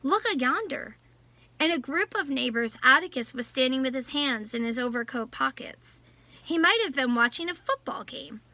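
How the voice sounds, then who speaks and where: A woman reading a novel aloud in a measured storytelling voice. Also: high voice, bright, forceful tone, no echo. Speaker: audiobook narrator. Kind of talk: scripted novel narration.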